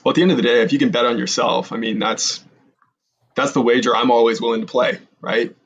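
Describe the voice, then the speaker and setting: A relaxed, agreeable podcast host with a husky, slightly rough voice. He speaks in a mid-range pitch and keeps the conversation loose and friendly. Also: fast. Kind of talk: casual podcast chat.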